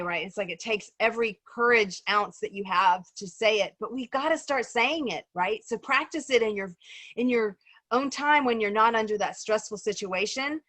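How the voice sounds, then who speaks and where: On a video call, a woman leads a casual group discussion in a chatty way, peppering it with ums and "right?" checks. Her voice is on the high side and a bit bright, her pace moderate, and there's no room sound.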